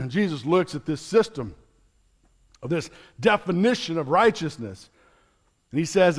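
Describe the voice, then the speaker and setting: A man's voice: fairly high pitch, expressive, unhurried, long pauses, breathy edge. A man, a pastor, preaching a sermon in an earnest, explanatory teaching manner with light chuckles.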